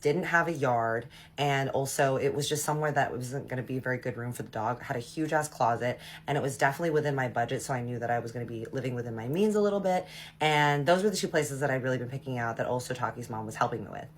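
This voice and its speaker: A woman's voice: a bass voice, quick pace, a little hiss or hum. A young adult woman telling a personal story in a casual, gossipy, profane way.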